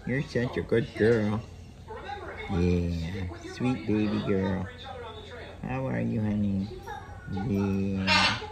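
A woman at a parrot rescue talking gently to a bird in a coaxing, sing-song baby-talk voice. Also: rumbling low, extremely slow, creaky, long pauses, over a noisy crowd. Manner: gentle and affectionate.

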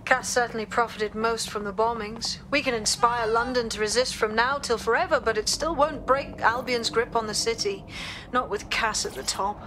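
An actress playing a resolute resistance operative in a video game, speaking in a determined, businesslike way. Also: female voice, on the high side, normal speed, background noise, close to an everyday voice.

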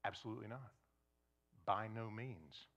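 A man preaching a sermon to a congregation, shifting between loud emphasis and hushed near-whispers, and acting out imagined questioners. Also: on the low side, a little slow, muffled recording. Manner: acts out imagined questioners in quoted asides. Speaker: pastor.

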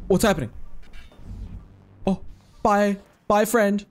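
Excitable man with a lively voice. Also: high-pitched, measured pace, long pauses. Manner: excitable, swears freely, chats to game creatures. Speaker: let's play host. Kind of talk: casual gaming commentary.

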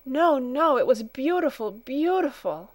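A woman's voice: on the high side, measured pace, dry recording, pitched above the performer's own voice, natural voice. A woman reading a storybook, voicing a timid, homesick little girl who is near tears and gives small, hesitant answers. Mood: homesick, tearful.

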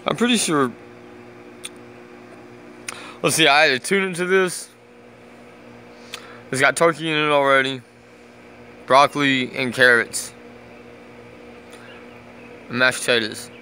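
A man's voice: mid-range voice, a little slow, long pauses, bright, forceful tone, a little hiss or hum. A man vlogging casually on his lunch break, talking in laid-back slang and fondly to his dog. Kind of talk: casual vlog chat. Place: work site on a lunch break.

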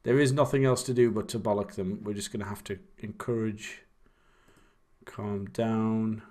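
A man's voice: on the low side, fairly even intonation, normal speed, a little mellow. A young man, casually chatting and rambling while commentating on his own game. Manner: rambling, chatty, self-deprecating. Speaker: streamer.

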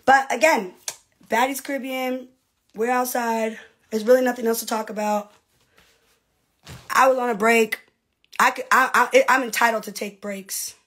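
A woman's voice: on the high side, fairly bright tone. A woman, a reality TV personality, in a casual livestream rant to her fans, brash and profane with mocking asides.

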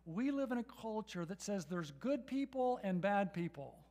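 A man preaching a sermon to his church congregation, his voice sitting high. He leans on rhetorical questions and tags lines with "right?" as he speaks to the room. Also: big pitch swings, moderate pace, a little mellow. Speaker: pastor. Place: church sanctuary.

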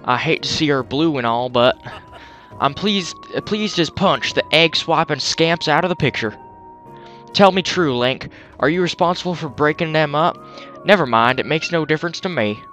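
A man on a headset mic voicing a gruff, smug middle-aged father with a put-on American Southern drawl, folksy and drawling. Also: fairly high pitch, normal speed, a bit bright, faint music behind, natural voice.

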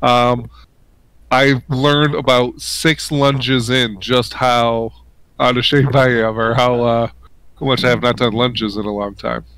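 A father chatting casually before a tabletop game, unhurried and self-mocking. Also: medium pitch, level tone, fairly bright tone, clean tone, dry recording, rough recording.

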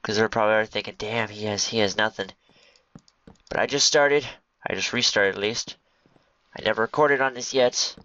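A man's voice: on the low side, fairly even intonation, brisk, long pauses, bright, forceful tone, no echo. A man giving casual, jokey gameplay commentary, rambling to himself as he builds. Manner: rambling, jokey, talks to himself and to game creatures. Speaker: gaming video host. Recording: dull lo-fi home recording.

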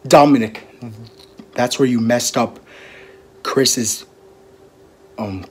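A man talking quietly in a casual amateur fan drama. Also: mid-range voice, breathy edge.

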